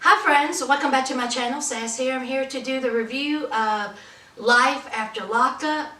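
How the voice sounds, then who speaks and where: A woman's voice: high-pitched, moderate pace, pushed and bright, slight background noise. A woman reviewing a reality show in a sassy, teasing way, full of playful slang. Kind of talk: casual commentary vlog. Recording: roomy, from a distance.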